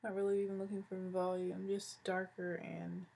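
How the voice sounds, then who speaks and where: A young woman in her twenties, from Hawaii, talks through her makeup routine step by step. Her pitch stays in a narrow, level band. She has an easygoing, chatty delivery. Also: level tone, moderate pace, gravelly, dark tone. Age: 20s. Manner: chatty, describes each step as she goes. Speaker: beauty vlogger. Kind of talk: makeup tutorial narration.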